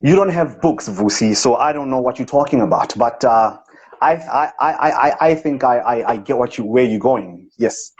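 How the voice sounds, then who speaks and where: A man's voice: medium pitch, normal speed, slightly rough. A man doing a pompous, boastful rich South African businessman. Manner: boastful, self-important, deadpan. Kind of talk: comic impression on a live video chat. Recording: dull lo-fi live-stream audio.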